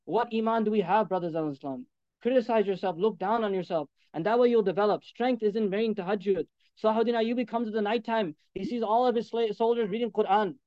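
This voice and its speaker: A man's voice: high voice, fast talker, no echo, dull audio. A man preaching a sermon, exhorting his listeners in an emphatic voice and repeating phrases for effect.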